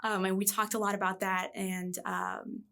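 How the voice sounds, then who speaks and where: A woman in her thirties, a reading coach, chatting in a podcast interview and telling stories with a lively, expressive voice. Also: medium pitch, normal speed. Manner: animated storyteller, lively voice jumps.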